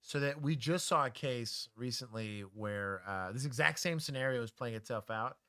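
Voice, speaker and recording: A man's voice: mid-range voice, normal speed, a bit bright, no room sound, clean studio sound. A man co-hosting a livestream, a former police officer giving opinionated commentary and explaining use-of-force law.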